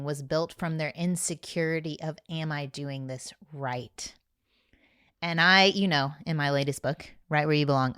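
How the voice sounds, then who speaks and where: Low-voiced host. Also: female voice, a bit bright, dry recording, studio quality. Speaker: podcast host. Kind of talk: podcast commentary.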